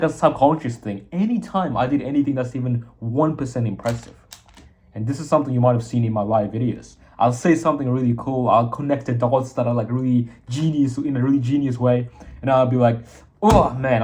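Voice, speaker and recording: A young man at a mid-range pitch delivers a casual motivational monologue as a podcast host. His talk is blunt and full of slang, and he hits his key points with emphasis. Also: brisk, warm tone.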